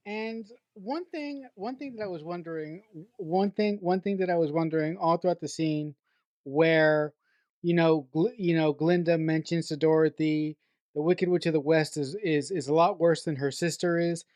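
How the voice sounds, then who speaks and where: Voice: mid-range voice, normal speed, darkish tone, dry recording. A podcast co-host discussing a film in casual chat, thoughtful, often restarting sentences and laughing now and then. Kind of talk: casual movie-review chat.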